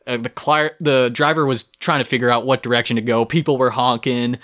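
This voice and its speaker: A man's voice: mid-range voice, steady tone, fairly quick, a bit bright. A young man co-hosting a podcast, telling a story vividly and playfully in casual chat. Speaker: podcast co-host.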